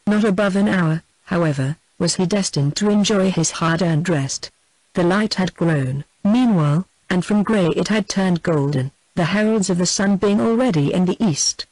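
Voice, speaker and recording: A man's voice: high-pitched, dry recording, poor audio. Man reading a historical novel, dry sound. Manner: steady, measured reading with plain dialogue voices. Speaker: audiobook narrator. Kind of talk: scripted narration of a historical novel. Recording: dry close studio sound.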